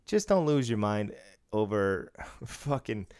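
A man's voice: on the low side, very animated, slow pace, darkish tone. Blunt, swearing podcast co-host man. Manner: profane, blunt, laughs often. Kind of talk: casual chat. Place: studio room.

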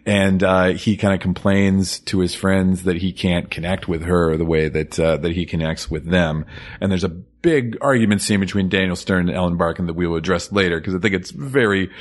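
A man's voice: low voice, moderate pace. A man in his forties co-hosting a podcast, chatting casually and a bit ramblingly about a movie. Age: 40s. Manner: relaxed, rambling, laughs often. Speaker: podcast co-host.

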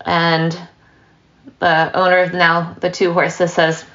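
A woman giving a dharma talk as a meditation teacher, relaxed and storytelling, with light laughs and asides. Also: fairly low pitch, slow pace, highs cut off.

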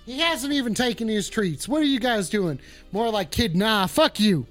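Playing a touchy, foul-mouthed cowboy with a fake drawl, this live call-in stream host rambles and responds to chat. He sounds high, bright, and animated at a moderate pace, over soft background music.

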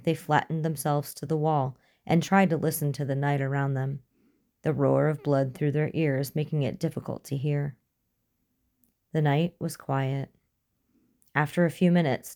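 A woman narrating a suspense story in a measured, storytelling manner. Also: low voice, level tone, warm tone. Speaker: audiobook narrator. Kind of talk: scripted narration.

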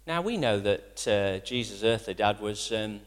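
A man preaching a sermon, lively, rising to loud quotations and dropping to quiet asides. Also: lowish voice, a little slow, clear, resonant tone. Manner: animated, rising to near-shouts when quoting, dropping to quiet asides. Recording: long hall reverb.

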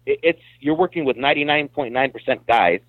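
A man's voice: mid-range voice, fairly quick, no room sound. A man talking bluntly in a casual podcast chat, often repeating words as he starts a thought. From Mexican-American background. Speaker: guest. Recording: tinny phone-like line, dry.

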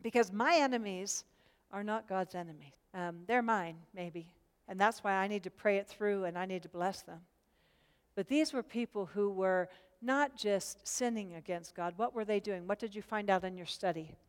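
A woman's voice: mid-range voice, normal speed, clear, resonant tone, big-room sound. A woman leading a group Bible study, speaking earnestly, repeating words as she starts a thought and putting questions to the group.

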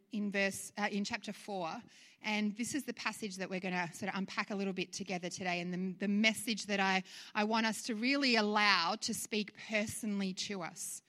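A woman's voice: medium pitch, pushed and bright, big-room sound. A woman pastor giving a conversational sermon full of rhetorical questions.

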